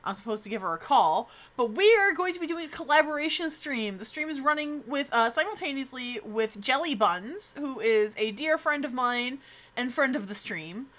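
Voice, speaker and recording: Bubbly, lively young woman streamer. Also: high voice, normal speed. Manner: bubbly, chatty, self-mocking. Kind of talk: casual live-stream chat.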